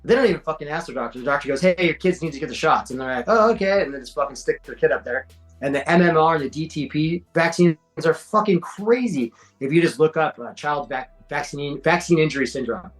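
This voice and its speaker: A man's voice: on the high side, quick pace, soft background music, low-quality recording. A man in his forties, a podcast guest, telling stories in casual chat, slangy and swearing, acting out quotes. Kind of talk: casual storytelling.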